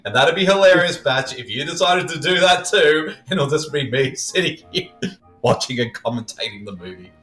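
A man's voice: on the high side, animated, normal speed, a bit bright, reverberant, faint music behind. A man co-hosting a podcast, riffing casually on a movie and laughing often. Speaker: podcast co-host.

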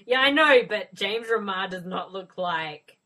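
A woman's voice: mid-range voice, animated, unhurried, sharp tone. A woman chatting about a movie with friends, standing up for it. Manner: enthusiastic, defensive of the film. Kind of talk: casual group movie commentary.

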